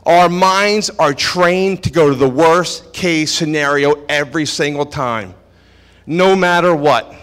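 A man's voice: on the high side, slow, fairly bright tone, clear, resonant tone. A man preaching a sermon at a church service, emphatic and repeating phrases for stress. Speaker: pastor. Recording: echoey hall with long reverb.

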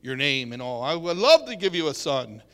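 A man's voice: on the high side, sing-song, moderate pace, fairly bright tone, pitched below the performer's own voice. A man voicing an old woman who laughs in disbelief and doubts she can still have a child, in a reverberant hall. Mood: amused doubt. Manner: doubtful, amused.

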